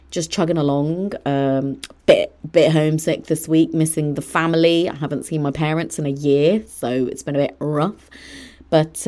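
A woman's voice: low-pitched, dark tone. A young woman hosting her own podcast, talking chattily on her own with gushing asides and self-mocking jokes. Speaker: podcast host. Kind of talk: solo podcast monologue.

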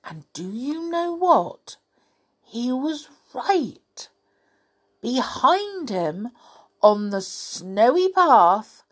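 A woman reading a children's picture book aloud in an animated, playful, expressive way. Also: high voice. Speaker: storyteller.

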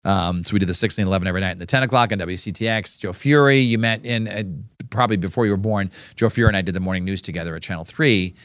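A man in his fifties, a veteran TV news anchor, chats casually in a lowish voice. He fills gaps with hesitations and his phrases fade quieter at the ends, all captured close and dry in a studio. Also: rapid-fire, smooth, no echo. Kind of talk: casual chat. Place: TV station studio.

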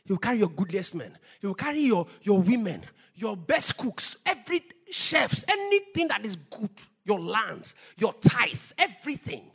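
Husky, fiery preacher man. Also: big pitch swings, moderate pace, few pauses. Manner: impassioned preaching, swinging between low intensity and loud shouting; speaks in tongues between points. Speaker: pastor. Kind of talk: sermon.

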